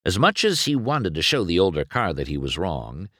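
A man narrating a storybook aloud in a slow, expressive way. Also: low-pitched, no room sound, studio quality. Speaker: storybook reader.

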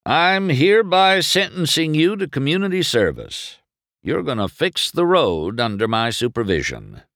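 A man voicing a gruff, commanding old male car who acts as town judge in a storybook reading. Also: a little high, very animated, moderate pace, fairly bright tone, no room sound, studio quality, pitched above the performer's own voice. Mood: stern. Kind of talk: storybook character voice.

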